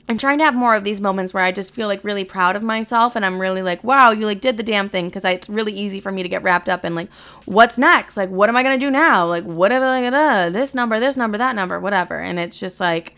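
A woman's voice: mid-range voice, fairly bright tone, clean tone. Profane, chatty young woman host. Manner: candid, profane, rambling with many fillers. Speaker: podcast host. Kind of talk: casual chat.

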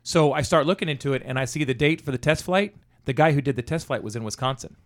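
A man's voice: mid-range voice, fast talker. A man telling a profanity-laced story about an old job in casual conversation, acting out the dialogue. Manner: profane, animated anecdote-telling with quoted dialogue.

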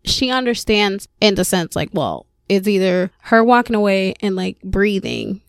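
Young female podcast host, frank and profane, gravelly tone, dry recording. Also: mid-range voice, big pitch swings, moderate pace, no echo. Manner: candid, swearing, laughs often. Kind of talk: candid personal storytelling.

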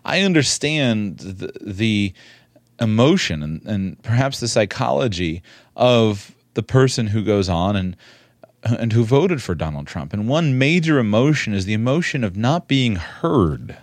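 A man giving spoken commentary in a measured, earnest way, repeating words for emphasis. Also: on the low side, big pitch swings, no room sound.

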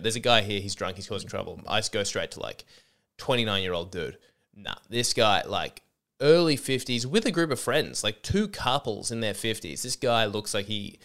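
Man, 30s, podcast comic; sweary, self-interrupting storyteller with a smooth, low voice, a little under the weather. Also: fairly bright tone. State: a little sick. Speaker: comedy podcast host. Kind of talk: rambling comedic storytelling.

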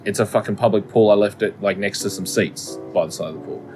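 A man's voice: lowish voice, quick pace, darkish tone, faint music behind. A man, co-hosting a podcast and telling a story in casual chat, full of swearing and laughter. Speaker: podcast co-host.

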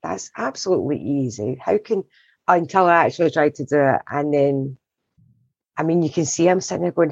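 A woman's voice: sits low, animated, a little fast, gravelly, slightly rough, no room sound, highs cut off. A woman from Scotland with a Scottish accent, a guest in casual podcast chat who laughs often.

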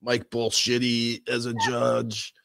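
A man's voice: medium pitch, monotone, slow, creaky, fairly bright tone. A man co-hosting a podcast, laid-back and mostly agreeing with the host. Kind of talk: casual chat.

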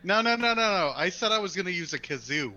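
A man's voice: sits high, lively intonation, fast, bright, forceful tone, dull audio. A man chatting as a guest, laughing things off in a self-deprecating way. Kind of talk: casual chat. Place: Virginia.

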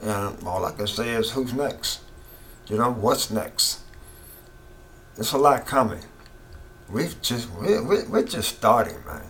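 A middle-aged man rants in a casual opinion monologue, circling back to the same points with rising fervor. His voice sits at an ordinary pitch. A faint hiss of noise runs underneath. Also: sing-song, slow, pauses often, a bit bright. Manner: impassioned, ranting, repeats himself. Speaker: political commentator.

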